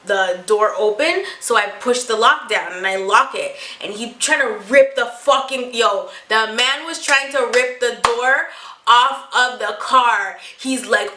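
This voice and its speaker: A young adult woman telling a storytime vlog to her viewers, animated and full of swearing. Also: mid-range voice, reverberant, low-quality recording. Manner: animated, profane storytelling, often addressing viewers. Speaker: vlogger.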